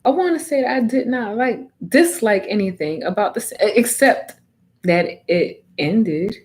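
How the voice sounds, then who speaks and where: Animated woman reviewing anime casually. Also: mid-range voice, a little slow. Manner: animated, emphatic, slangy.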